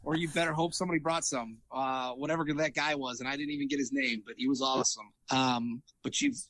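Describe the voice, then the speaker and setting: A man's voice: mid-range voice, fairly even intonation, quick pace, fairly bright tone. A man, a triathlete guest in a casual interview, telling stories animatedly, acting out quoted dialogue with lots of fillers and restarts.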